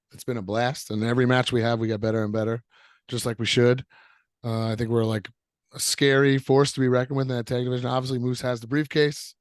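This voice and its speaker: A man's voice: medium pitch, no echo, clean studio sound. A man in his thirties, a wrestler answering interview questions in an upbeat, easygoing way, rambling a little with fillers. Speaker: professional wrestler guest.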